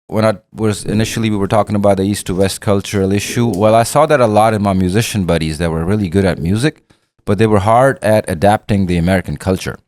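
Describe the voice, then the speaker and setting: A man's voice: lowish voice, a little mellow, no echo. A middle-aged man with a Pakistani accent, telling long, profane stories as an interview guest and acting out the dialogue. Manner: profane, rambling, acts out dialogue. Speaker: guest rapper. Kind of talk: candid storytelling interview.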